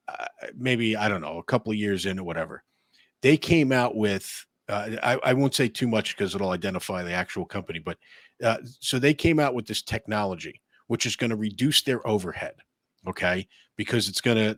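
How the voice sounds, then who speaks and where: A man's voice: on the low side, a bit bright, dry recording, clean studio sound. A man co-hosting a casual podcast chat, telling rambling, profane work stories and laughing through them. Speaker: podcast co-host.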